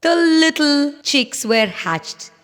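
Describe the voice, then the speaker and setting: A woman narrating children's animal stories in a slow, very expressive, sing-song way. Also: high voice. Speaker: storyteller. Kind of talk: scripted children's story narration. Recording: echoey reverb.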